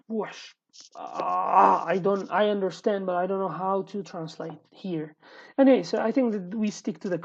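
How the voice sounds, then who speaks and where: A woman's voice: mid-range voice, vocal fry, a little mellow, slightly rough. A woman teaching a casual online language lesson, explaining patiently and repeating each word, with as her language, in a dull lo-fi home recording. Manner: explains patiently, often pausing and repeating words.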